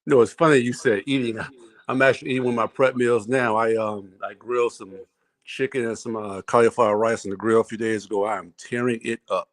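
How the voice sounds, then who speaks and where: A man's voice: medium pitch, fairly even intonation, brisk. A man joining a livestream panel as a guest, chatting in a friendly, easygoing way with lots of fillers. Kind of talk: casual chat.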